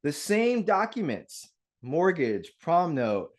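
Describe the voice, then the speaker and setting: A man hosting a live real estate webinar, talking in an energetic, upbeat way straight to his audience over a video call mic. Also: on the high side, takes it slowly. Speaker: webinar host.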